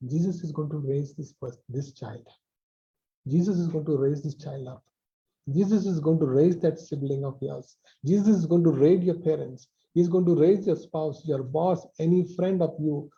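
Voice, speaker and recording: A man preaching a sermon over a video call, repeating phrases with emphasis and dropping softly at line ends. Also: a little high, lo-fi sound. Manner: repetitive, emphatic with soft drops.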